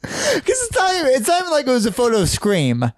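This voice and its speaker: Young male co-host, jokey interjector, lively high voice, dry close mic. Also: quick pace, no echo. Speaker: podcast co-host. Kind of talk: casual chat.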